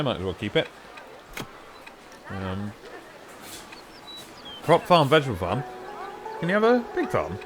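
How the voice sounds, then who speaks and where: A man streaming a strategy game, chatting casually and musing aloud in a rambling, self-mocking way. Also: fairly low pitch.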